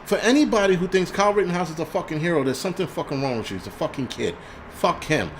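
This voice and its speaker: A man's voice: fairly high pitch, expressive, fast, a little hiss or hum. A man hosting a livestream, ranting casually with lots of cursing, restarts and rambling asides. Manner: profane, rambling, frequent restarts. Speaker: livestream host.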